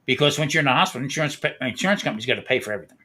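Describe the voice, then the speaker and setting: A man's voice: mid-range voice, racing, bright, forceful tone. A man hosting a live stream who tells a long, profane anecdote with frequent laughter. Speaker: host. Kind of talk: casual storytelling on a live stream.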